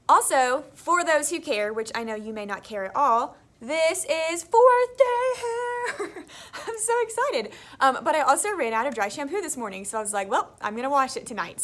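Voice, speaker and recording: A woman's voice: a little high, fairly bright tone. A young woman, an elementary school teacher talking in a casual, chatty vlog and laughing often.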